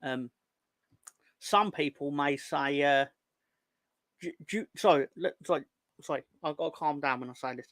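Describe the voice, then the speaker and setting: Fairly high in pitch, this man talks at normal speed with long pauses and a fairly bright tone, recorded with no room sound. He runs a casual football fan livestream, reading out viewer comments in silly voices while joking, rambling, stumbling and restarting.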